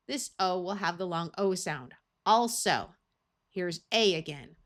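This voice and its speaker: Slow, deliberate American woman tutor. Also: mid-range voice, big pitch swings. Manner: slow, deliberate, pauses between single words. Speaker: reading tutor. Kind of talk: phonics lesson, reading word lists aloud.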